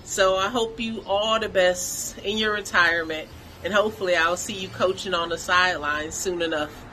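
Bright-voiced woman, relaxed and friendly. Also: lowish voice, normal speed, a little hiss or hum, low-quality recording. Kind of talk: casual video message.

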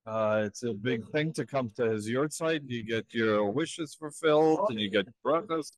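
A man's voice: mid-range voice, normal speed. Hesitant man answering briefly. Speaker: interviewee.

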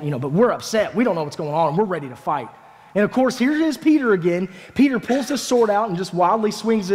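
A man, a families minister, preaching a sermon as a lively first-person story told in the voice of a disciple, with casual, dramatic phrasing. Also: fairly high pitch. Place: church sanctuary. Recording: echoey church hall.

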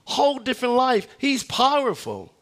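A man preaching a sermon as a guest pastor, telling lively stories and slowing down hard on key phrases. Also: extremely high pitch. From United States. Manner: animated storytelling, acts out voices in anecdotes.

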